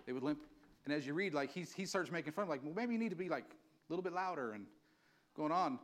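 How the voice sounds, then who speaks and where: A man's voice: on the high side, expressive, fast. A male pastor preaching an impassioned, conversational sermon, acting out quotes as he goes. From California.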